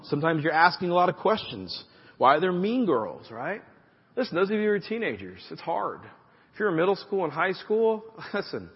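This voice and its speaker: A pastor preaching a conversational sermon, with frequent direct asides to the congregation. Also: male voice, sits high, husky, big-room sound, lo-fi sound.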